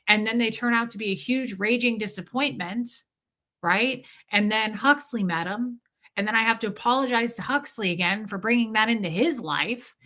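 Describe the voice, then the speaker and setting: Bright-voiced woman telling a candid story. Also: medium pitch. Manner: candid, rambling retelling of a conversation. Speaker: vlogger. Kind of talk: casual storytelling to viewers.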